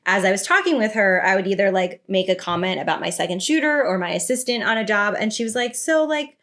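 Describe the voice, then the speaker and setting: A woman co-hosting a laid-back podcast, her voice sitting at a mid pitch. She talks freely, laughs often between thoughts, and fills her sentences with casual filler words. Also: fast, a bit bright. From United States. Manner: chatty, giggly, lots of "like" fillers. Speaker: podcast co-host, photographer.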